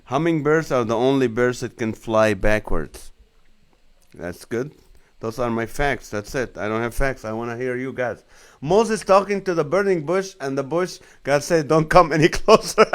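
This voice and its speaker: A man in his forties hosts a relaxed live stream as a comedian, reading viewers' comments out loud and laughing along with their jokes. His voice is smooth and clear, sitting at an ordinary middle pitch. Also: moderate pace. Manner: jokey, reads comments aloud and laughs along. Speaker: comedian and show host.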